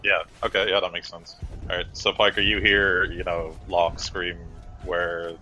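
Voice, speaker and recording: A man's voice: low-pitched, level tone, unhurried, sharp tone, rough recording. A man narrating as game master of a tabletop game, describing the action in loose, filler-heavy talk.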